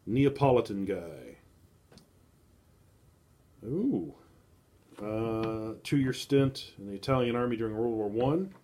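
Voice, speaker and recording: A man's voice: fairly low pitch, lively intonation, slow pace, pauses often, mellow. A man streaming live, musing casually over estate sale art listings and wandering off into tangents, with many fillers. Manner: rambling, thinking aloud with many fillers.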